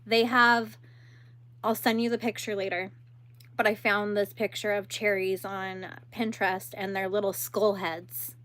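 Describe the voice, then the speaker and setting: A woman's voice: mid-range voice, little pitch movement, measured pace, a bit bright. A young woman hosting a crochet livestream, chatting casually and laughing while she answers viewers and works.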